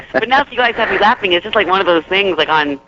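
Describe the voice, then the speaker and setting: A woman's voice: mid-range voice, animated, quick pace. A woman guest on a casual phone interview, giggly and apologizing over and over. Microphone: phone line. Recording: dull lo-fi phone line with faint hiss.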